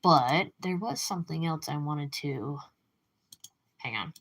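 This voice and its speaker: A woman streamer chatting casually with her live chat, rambling and jumping up in pitch when she gets worked up. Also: animated, unhurried, fairly bright tone. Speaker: livestreamer.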